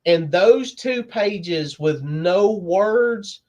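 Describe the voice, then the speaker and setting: High-voiced laid-back storytelling man. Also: animated, extremely slow, darkish tone, muffled recording. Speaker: podcast co-host. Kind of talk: casual comic book chat.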